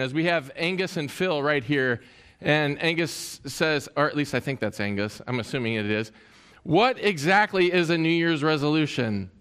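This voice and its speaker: A man's voice: on the high side, a bit bright. A man preaching a sermon as a pastor, in a conversational way with many fillers.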